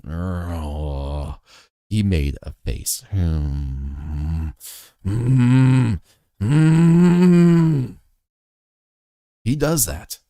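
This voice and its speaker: A man with a low, mellow voice speaks slowly and earnestly, as if recounting a lesson from home. The sound is close and dry, with no room around it. He talks with the reflective steadiness of a motivational vlogger. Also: dry recording. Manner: earnest, measured, storytelling. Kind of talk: reflective talk to camera.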